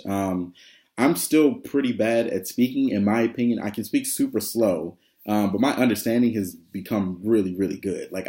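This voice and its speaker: Casual vlogger, a man with a lowish voice, talks loosely with plenty of ums. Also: mellow. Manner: chatty, rambling, many fillers, laughs often. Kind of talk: casual vlog update.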